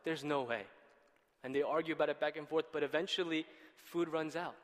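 A man's voice: on the high side, fairly even intonation, fast talker. A man preaching casually, retelling a Bible story with rhetorical questions and light laughter. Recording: long hall reverb.

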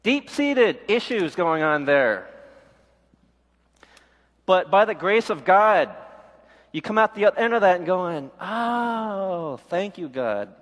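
A man's voice: high voice, very animated, a little slow, pauses often, a bit bright, long reverb tail. A middle-aged male pastor giving a sermon with a candid personal testimony, acting out the voices of people he quotes. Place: church.

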